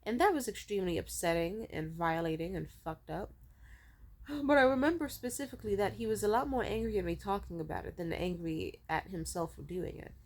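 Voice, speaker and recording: A woman's voice: mid-range voice, brisk. A woman telling a personal story as a casual vlog rant, blunt and heavy on profanity. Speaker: vlogger.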